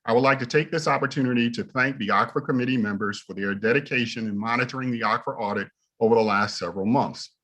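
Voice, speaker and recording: A man, an inspector general, reading prepared opening remarks at a hearing in a steady, formal way. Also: medium pitch.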